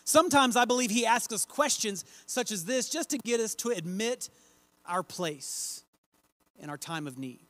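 A man preaching a sermon, reading scripture aloud and slowing down to stress key phrases. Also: high voice, expressive, a bit bright, no echo.

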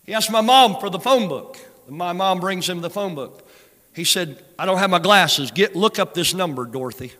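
An older man preaching a sermon, moving between hushed storytelling and loud exhortation. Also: high voice, animated, normal speed. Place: large church sanctuary. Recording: long hall reverb with soft music behind.

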